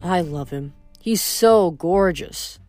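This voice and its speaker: A woman reading aloud, voicing a vain, self-adoring young man in a slow, languid drawl. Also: lowish voice, lively intonation, a little mellow. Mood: dreamy, self-adoring.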